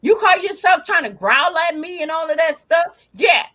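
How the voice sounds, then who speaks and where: An older woman hosting a casual live stream, loudly and playfully teasing a dog over a video call, swearing and calling its name again and again. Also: extremely high pitch, animated, normal speed.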